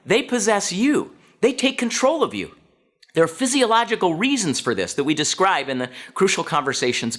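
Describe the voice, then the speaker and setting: A middle-aged man speaks to an audience, his voice sitting slightly high and rising and falling in a very lively way. He tells a personal story and slips into the voices of the people in it. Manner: animated, acts out quoted dialogue.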